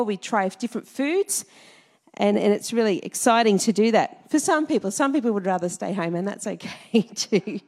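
Speaking to her congregation, a Salvation Army minister from Australia, middle-aged, uses a fairly high voice. Her church talk is playful and chatty, with questions tossed out to the audience and laughter in between stories.

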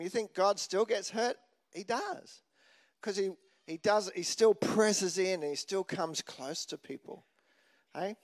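A man's voice: high-pitched, darkish tone. A man preaching a sermon in a chatty, joking way, asking the congregation questions as he goes. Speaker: pastor.

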